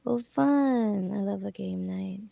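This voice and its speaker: A woman co-hosting a podcast in casual chat, with a slow, low nighttime voice. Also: creaky, dry recording, dull audio. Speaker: podcast co-host.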